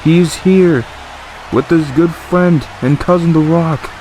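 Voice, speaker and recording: A man with a high voice calls the wrestling action in play-by-play fashion, breaking into exclamations as the fight unfolds. A faint hiss of noise sits under his voice. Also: measured pace. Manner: excited, exclamatory ringside calling. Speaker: commentator for a wrestling video game series. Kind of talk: play-by-play commentary.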